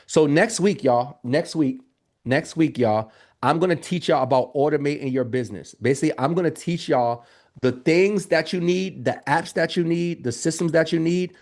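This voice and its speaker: A man coaching viewers in casual livestream talk, animated and calling to the chat. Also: a little high, normal speed. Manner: animated, talks straight to the chat with lots of y'all. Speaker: Airbnb business coach. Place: home office.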